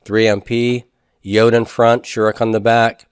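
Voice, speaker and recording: A man's voice: fairly low pitch, flat delivery, unhurried, clear, resonant tone, no room sound, studio quality. A man teaching a recorded grammar lecture, explaining step by step and putting questions to the class, with folksy asides.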